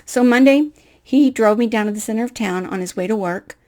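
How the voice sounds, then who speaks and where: A middle-aged woman tells a personal faith story, animated and self-deprecating, acting out the dialogue as she goes. Her voice is a little high and her pace brisk.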